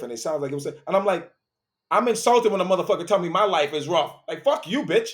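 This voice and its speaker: A man's voice: sits high, animated, fairly quick, a bit bright. A man with a slightly raised voice lectures his listeners in a profane, confrontational monologue. He preaches hard and hammers his points home with repetition. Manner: preachy, profane, confrontational, repeats phrases for emphasis. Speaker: host.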